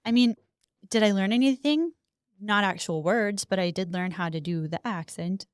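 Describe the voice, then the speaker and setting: A woman's voice: mid-range voice, moderate pace, smooth, no echo, clean studio sound. A woman co-hosting a casual podcast, reading history notes aloud with chatty asides. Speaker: podcast co-host.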